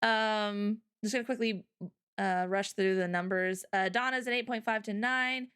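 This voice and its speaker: A woman hosting a livestream in chatty, upbeat casual talk, quick to laugh. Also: medium pitch, steady tone, a bit bright, clear, resonant tone. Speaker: streamer host.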